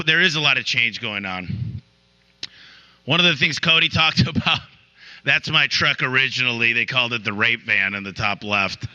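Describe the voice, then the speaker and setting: In a low-quality recording, a man with a sharp, mid-range voice delivers a motivational talk as a business owner before a room of listeners. He tells stories and keeps restarting his sentences.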